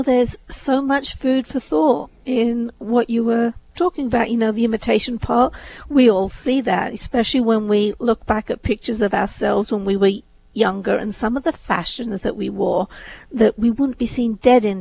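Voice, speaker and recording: Brief: woman, co-host, chatty and thoughtful, gravelly voice. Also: fairly high pitch, fairly even intonation, moderate pace, mellow, dry recording, poor audio. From England. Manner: thoughtful, chatty with many fillers. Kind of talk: casual discussion.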